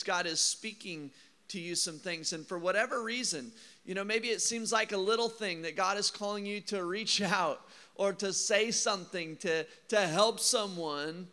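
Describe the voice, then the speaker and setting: A man's voice: high-pitched, sharp tone, smooth. A man preaching a sermon as pastor, in a conversational way, acting out reluctant replies with a chuckle. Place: church auditorium. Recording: long hall reverb.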